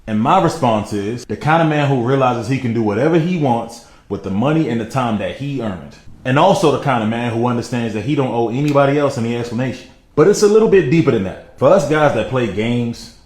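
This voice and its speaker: Brief: fast, earnest male monologue clip in an echoey room. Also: mid-range voice, darkish tone.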